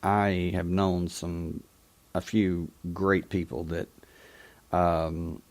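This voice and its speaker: Man, very low voice, slow and reflective, talk show host. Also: level tone, a little mellow. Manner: reflective, halting, with frequent restarts. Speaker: radio call-in show host. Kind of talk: personal storytelling on a talk show.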